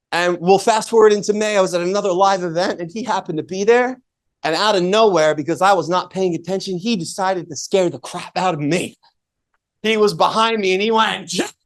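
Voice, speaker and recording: A man working as MC, introducing the next speaker with an energetic, laughing story. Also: high voice. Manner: energetic, laughing, theatrical retelling.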